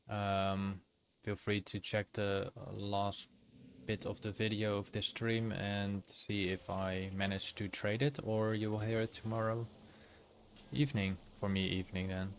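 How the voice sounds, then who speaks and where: This man speaks at a fairly low pitch, keeping a level tone and a measured pace, with a little hiss or hum on the recording. He's streaming a game in an easygoing way, chatting casually with viewers while game music runs underneath.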